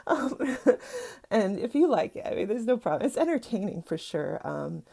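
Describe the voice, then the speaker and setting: A woman's voice: on the high side, big pitch swings, normal speed, creaky, mellow, husky. A middle-aged woman, a psychic teacher, chatting casually to camera at home, rambling with lots of fillers and asides.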